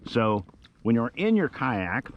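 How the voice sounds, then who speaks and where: A man's voice: medium pitch, big pitch swings, takes it slowly, highs cut off, a little hiss or hum. A middle-aged man chatting easily from a kayak on a lake, giving tips to viewers on an action camera. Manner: easygoing, chatty, jokey. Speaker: kayak vlogger. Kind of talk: casual outdoor vlog commentary.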